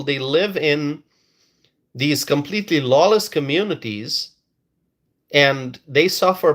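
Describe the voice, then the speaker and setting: A man's voice: on the high side, a bit bright. A man doing live-stream commentary and reading viewer comments, emphatic and repetitive, often stalling and restarting words.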